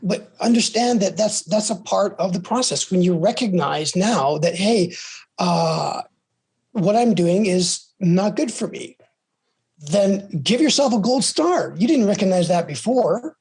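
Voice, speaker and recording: Husky man, gentle earnest advice. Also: high voice, animated, measured pace. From United States. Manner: repeats words and restarts, soft trailing ends. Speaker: podcast guest.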